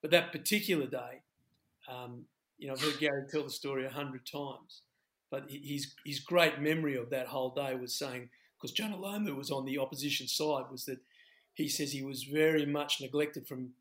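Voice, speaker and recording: A middle-aged Australian man, a former rugby head coach, talking in a halting, reflective way on a podcast. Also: medium pitch, a bit bright. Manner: halting, many restarts, reflective. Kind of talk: podcast discussion.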